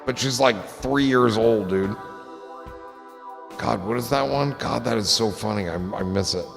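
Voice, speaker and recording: A man's voice: lowish voice, measured pace, vocal fry, long reverb tail, over music. A man chatting casually on a livestream, joking and rambling and swearing freely.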